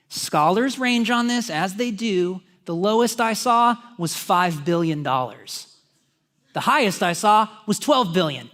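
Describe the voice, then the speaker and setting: A man's voice: sits high, fairly bright tone. A man preaching a sermon in a church, talking conversationally with joking asides to the congregation. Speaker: pastor.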